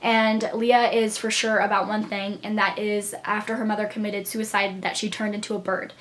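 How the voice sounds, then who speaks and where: A woman's voice: medium pitch, a bit bright. A woman in her twenties chatting casually and enthusiastically about her new books, with lots of fillers. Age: 20s. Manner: enthusiastic, gushing, filler-heavy. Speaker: book vlogger. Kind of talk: casual book haul chat.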